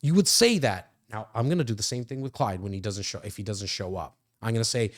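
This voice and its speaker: A man coaching real estate agents in an emphatic, energetic way, using casual slang. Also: lowish voice, fast, few pauses. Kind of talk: coaching talk, role-playing sales calls.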